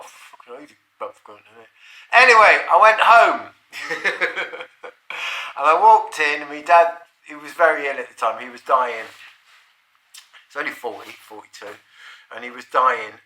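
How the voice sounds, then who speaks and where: A man's voice: medium pitch, bright, forceful tone. A middle-aged man, telling a personal anecdote in a rambling, profane, chuckling way. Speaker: storyteller. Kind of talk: casual anecdote. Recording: roomy echo.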